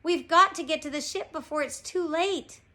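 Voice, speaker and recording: A woman's voice: sits high, lively intonation, a little slow, pushed and bright, voice pushed up, exaggerated voice. A woman voicing a whiny, nervous male pirate sailor in a storybook reading. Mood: whining.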